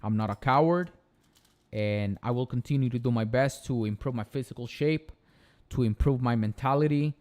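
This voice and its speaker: A man's voice: medium pitch, moderate pace, a little mellow. Earnest young man with a Spanish accent. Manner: earnest, motivational, repeats phrases for emphasis. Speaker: channel host. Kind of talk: casual live-stream monologue.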